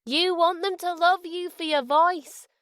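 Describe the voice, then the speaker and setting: A woman's voice: very high voice, steady tone, a little slow, a bit bright, no echo, clean studio sound, voice pushed up. A woman voicing a sarcastic, cruel drunk man in a storybook reading. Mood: sneering. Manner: sneering, sarcastic.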